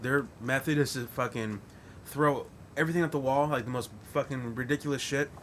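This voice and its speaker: A man guesting on a podcast, rattling off profane stories at a quick clip in a mid-range voice. A faint rumble and some noise run beneath. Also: fairly bright tone. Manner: fast, profane storyteller who mimics other people. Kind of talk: casual podcast chat.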